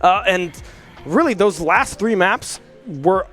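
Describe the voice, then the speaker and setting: A young man calling live college esports play-by-play, rapid and rising at big plays. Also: sits high, animated, fairly bright tone, faint music behind.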